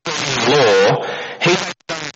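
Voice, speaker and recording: A man's voice: fairly high pitch, very animated, takes it slowly, over a noisy crowd. A man preaching a sermon, telling it as a story and firing off rhetorical questions. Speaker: pastor. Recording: dull lo-fi recording with noise.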